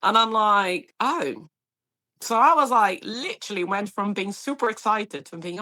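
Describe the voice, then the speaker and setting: Bright, animated Brazilian woman storyteller. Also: medium pitch, unhurried. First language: Portuguese. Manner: animated storyteller, acts out quoted voices, laughs often. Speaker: paramedic guest. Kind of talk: casual interview chat.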